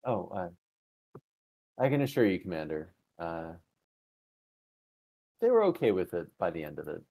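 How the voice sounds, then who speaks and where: Male player in character, lively pitch, dark tone, polite formal delivery. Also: moderate pace, vocal fry. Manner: polite, formal, with hesitant fillers. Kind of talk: in-character tabletop play.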